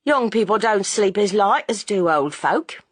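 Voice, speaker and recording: A woman's voice: fairly low pitch, wildly swooping pitch, moderate pace, slightly rough, dry recording, heavily acted. A woman voicing an anxious, guarded older landlady who speaks sententiously. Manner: sententious, hasty.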